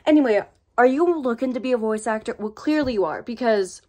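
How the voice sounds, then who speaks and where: A woman's voice: a little high, expressive, brisk, warm tone. An American woman hosting a casual voice acting tutorial vlog, talking in a chatty, rambling and playfully sassy way into her own microphone.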